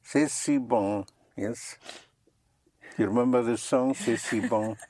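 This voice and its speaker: A language teacher talking slowly and patiently, with a slightly husky voice. Words get spelled out letter by letter. The sound is dry and close. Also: medium pitch, darkish tone, no echo. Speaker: French teacher. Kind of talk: slow one-on-one language lesson.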